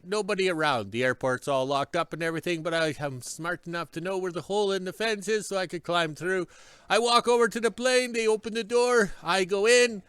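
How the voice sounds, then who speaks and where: Chatty man with a high, smooth voice. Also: bright, forceful tone, dry recording. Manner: chatty, punctuates with emphatic "yes". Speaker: vlogger. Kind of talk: casual storytelling vlog.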